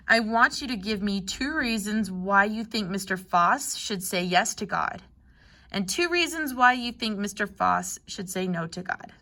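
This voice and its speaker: A woman teacher reads a Bible story to young children in a gentle storytelling manner. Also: mid-range voice.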